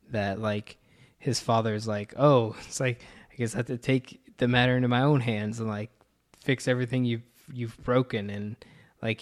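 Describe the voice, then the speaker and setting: A man chatting casually on a podcast about a movie. He rambles, corrects himself mid-sentence and laughs a lot, with his pitch sitting in an ordinary middle range. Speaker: podcast co-host. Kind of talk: casual film commentary chat.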